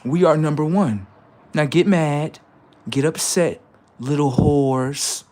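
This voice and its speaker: A man hosting a livestream, ranting in a heated, taunting way, swinging between loud jeers and low asides. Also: unhurried. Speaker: livestream host. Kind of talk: profane livestream rant.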